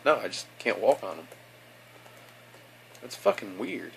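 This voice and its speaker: A man's voice: fairly low pitch, sing-song, a little slow, vocal fry, slight background noise. A young man from Kentucky with a Kentucky accent, giving profane, sarcastic commentary while playing a game, moving between mutters and outbursts. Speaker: let's play host. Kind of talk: gaming commentary.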